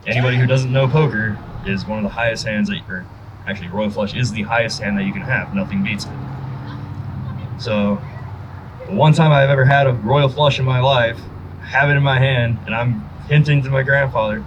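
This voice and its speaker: Young man, grandson giving a eulogy, storyteller who acts out quotes, mid-pitched voice. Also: a little hiss or hum, rough recording. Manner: storytelling, acting out quotes with rising energy. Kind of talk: memorial speech, personal stories.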